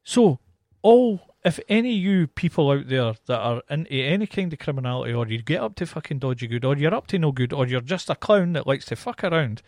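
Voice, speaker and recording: Animated Scottish man, lively voice. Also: fairly high pitch, brisk, few pauses, no room sound, clean studio sound. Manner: animated storytelling, heavy swearing. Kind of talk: casual chat.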